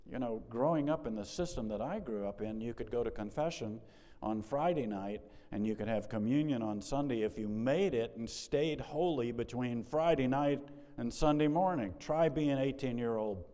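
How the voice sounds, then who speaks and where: A man's voice: mid-range voice, moderate pace, warm tone. A middle-aged male pastor preaching a sermon in a conversational way that rises to emphatic peaks, in a church sanctuary. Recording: long hall reverb.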